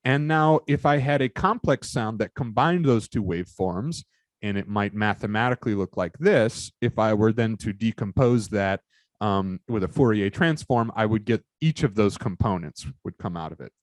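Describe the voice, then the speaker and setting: A man with a somewhat low voice explains lecture material and often pauses, restarts and fills gaps. The recording is dry, with no room echo. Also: lively intonation. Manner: halting, many fillers and restarts, explanatory.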